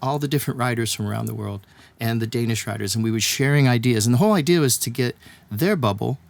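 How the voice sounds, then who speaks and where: A man's voice: medium pitch, fast, gravelly, no room sound. A man from Texas, a songwriter telling a long story in an interview, acting out the voices of the people he quotes and laughing often. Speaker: songwriter guest. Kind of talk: animated storytelling in conversation.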